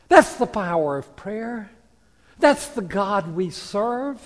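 A man preaching a sermon as a pastor, telling a story with hushed quiet passages and rising emphatic peaks. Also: sits high, very animated, moderate pace. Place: church sanctuary. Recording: long hall reverb.

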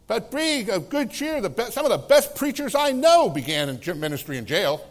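A middle-aged man, a pastor, preaching a sermon in a conversational way, laughing between phrases and swinging from loud exclamations to hushed, soft tones. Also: sits high, very animated, quick pace, hardly any pauses.

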